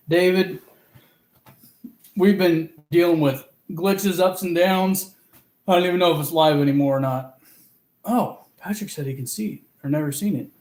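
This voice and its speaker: A man from Oklahoma hosts a fishing livestream in relaxed, casual chat. He giggles often and reads viewers' comments aloud at an unhurried pace, and his somewhat raised voice rings in a roomy echo. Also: on the high side.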